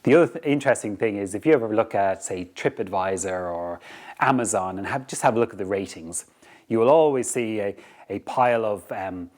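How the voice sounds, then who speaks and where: A man hosting a podcast, giving a motivational talk in an animated way, often repeating words as he restarts. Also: fairly low pitch, brisk. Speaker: podcast host.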